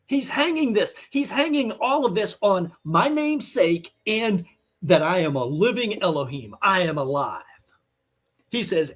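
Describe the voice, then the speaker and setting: A man's voice: sits high, lively intonation, measured pace, a bit bright, husky. A man giving an online teaching sermon, emphatic, blunt and scolding as he presses his point. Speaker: Bible teacher.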